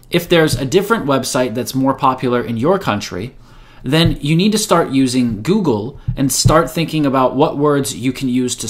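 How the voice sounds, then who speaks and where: A man who is a native English speaker, giving a motivational English lesson and repeating his key points with emphasis. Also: mid-range voice. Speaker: English teacher.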